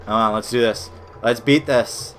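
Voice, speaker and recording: An American man casually commenting while playing old browser games for his stream chat, swearing and reacting loudly as he plays. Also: mid-range voice, steady tone, normal speed, soft background music. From United States.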